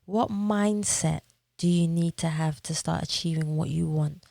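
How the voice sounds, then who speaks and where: A woman hosts a podcast interview, asking questions and adding short, encouraging remarks. Her voice sits very low for a woman. The sound is close and dry. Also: a little slow, vocal fry, warm tone, no echo. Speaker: podcast host.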